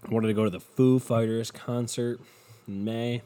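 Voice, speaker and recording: A young man hosting a rambling solo podcast from home, swearing a lot and mocking himself, dropping from low mutters into loud bursts. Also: steady tone, moderate pace. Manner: profane, self-mocking, drifting between muttering and loud bursts. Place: home, no studio. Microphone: home podcast microphone.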